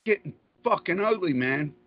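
A man's voice: high-pitched, animated, normal speed. A man rants in heated, profane bursts, circling back to the same points again and again. The sound is dull and lo-fi, and the room is dry with no echo. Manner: angry, profane, repetitive. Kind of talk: heated political rant.

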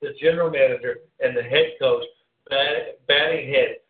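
A man's voice: medium pitch, moderate pace. Ranting man, tinny echoey sound. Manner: ranting, animated, sarcastic. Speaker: sports talk host. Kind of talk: casual sports talk.

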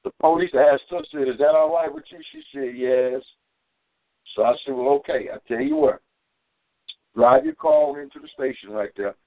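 A man's voice: expressive, moderate pace, no echo. Fervent preacher man on a tinny phone line. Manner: fervent storytelling, climbing high for quoted shouts. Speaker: preacher on a community call. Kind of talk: sermon with personal testimony.

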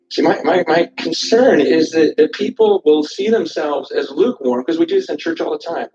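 A man's voice: a little high, very animated, moderate pace, creaky, few pauses, a little mellow, soft background music. A man preaching a sermon, urgent and impassioned, often repeating words as he restarts a thought. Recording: echoey, distant, dull church recording.

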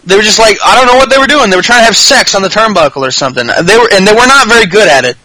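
A man's voice: sits high, expressive, racing, sharp tone, dry recording, rough recording. A man hosting a podcast, chatting casually in a rambling, profane, jokey way. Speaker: podcast host. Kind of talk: casual chat.

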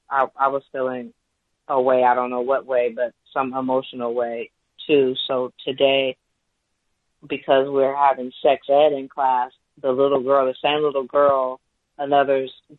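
A man's voice: mid-range voice, no room sound. A man calling in to a talk show, telling a story in a rambling, hesitant way. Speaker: caller. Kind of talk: call-in talk radio account. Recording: tinny phone line, dry.

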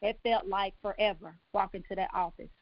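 Halting, emotional woman with a gravelly voice. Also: medium pitch, steady tone, no room sound. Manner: halting, many ums and restarts. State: emotional, near tears. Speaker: guest sharing her life story. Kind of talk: personal testimony on a talk show. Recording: dull, lo-fi, dry sound.

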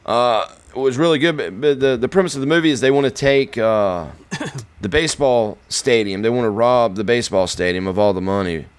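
A man's voice: mid-range voice, brisk, clean tone. A man co-hosting a podcast, chatting casually about films and rambling with restarts. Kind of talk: casual movie chat.

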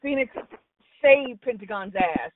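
A woman's voice: a little high, expressive, measured pace, noisy background. A woman calling in to talk wrestling, blunt and opinionated, swearing freely. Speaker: call-in wrestling commentator. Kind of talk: casual call-in chat. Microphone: phone call. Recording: tinny phone line, far from mic.

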